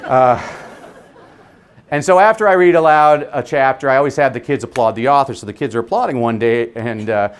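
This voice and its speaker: A man giving a motivational keynote to an audience of teachers, with an animated, humorous, punchy delivery. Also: mid-range voice, fairly quick, smooth. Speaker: keynote speaker. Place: conference venue before a live audience.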